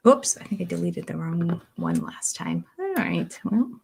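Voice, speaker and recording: A woman's voice: wildly swooping pitch, measured pace, creaky, breathy edge. Older woman host, casual rambling livestream chat, easy laugh. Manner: chatty, rambling, laughs often; coos in a high voice to her cats. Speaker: livestream host reviewing a reality show. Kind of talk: casual chat, reading viewer comments.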